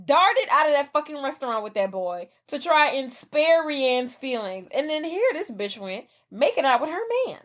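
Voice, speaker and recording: A woman on a casual podcast retelling a film scene by scene. Her voice sits a little high. She is blunt and swears freely, and she slips into the characters' lines as she narrates. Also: very animated, moderate pace, hardly any pauses, fairly bright tone. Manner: profane, blunt storyteller who acts out the characters' lines. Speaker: podcast co-host. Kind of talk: casual movie recap chat.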